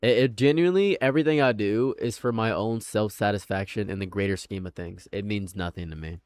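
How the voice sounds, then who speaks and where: A man's voice: lowish voice, fairly quick, a little mellow, clean tone, no echo, studio quality. A young man chatting casually on a livestream from his room at home, rambling, repeating himself and mocking people. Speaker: streamer.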